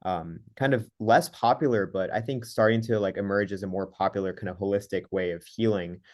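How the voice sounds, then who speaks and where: Man, podcast host, low voice, hesitant, lots of fillers. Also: brisk. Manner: hesitant, many fillers and you-knows. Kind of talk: interview questions.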